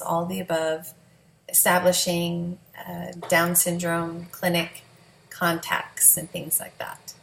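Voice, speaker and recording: A woman's voice: lowish voice, creaky, reverberant, a little hiss or hum, low-quality recording. A woman, a mother, telling her family's story in a candid, emotional, conversational vlog.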